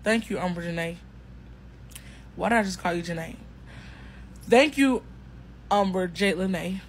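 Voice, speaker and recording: A woman's voice: mid-range voice, animated, normal speed, pauses often, slight background noise, poor audio. A woman chatting emphatically to her viewers in a casual testimonial vlog, repeating herself and speaking in an informal, slangy way. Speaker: customer sharing a product testimonial.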